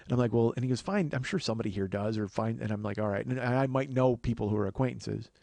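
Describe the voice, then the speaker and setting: A man hosts a podcast and tells comic stories at a brisk clip. His talk is profane and rambling, full of acted-out quotes. The sound is close and dry. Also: medium pitch, vocal fry, warm tone, dry recording. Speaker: podcast host. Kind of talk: casual comedic storytelling.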